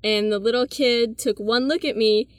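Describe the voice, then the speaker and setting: A woman's voice: fairly high pitch, normal speed, no room sound, clean studio sound. A young woman casually telling embarrassing stories, laid-back and full of "like" and "bro". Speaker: interviewee. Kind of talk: casual storytelling.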